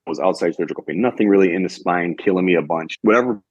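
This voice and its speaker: A young man with a very deep, low voice that has a husky edge, talking as a podcast guest. He tells his story earnestly and in order, often quoting what others told him. The sound is dry and a little dull, like a muffled remote recording. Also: quick pace, dry recording. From Michigan, United States. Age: young adult. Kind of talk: conversational storytelling.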